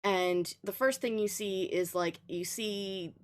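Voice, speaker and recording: Taking her time, a medium-pitched woman hosts a livestream and loosely goes over the game's plot up to now. She laughs and says um a lot in this casual let's play talk.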